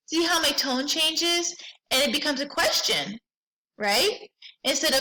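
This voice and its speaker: A woman librarian talks to children in an upbeat, teacherly way, reading example sentences slowly to make her point. Her voice sits a little high and sounds bright and forceful. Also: lively intonation, poor audio. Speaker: school librarian. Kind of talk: children's lesson.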